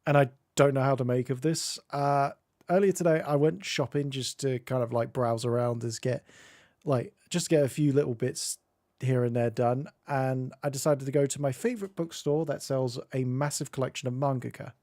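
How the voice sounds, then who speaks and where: British male streamer, chatty, rambling, mid pitch, dry close sound. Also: moderate pace, darkish tone, no echo. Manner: chatty, rambling, laughs often. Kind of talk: casual chat.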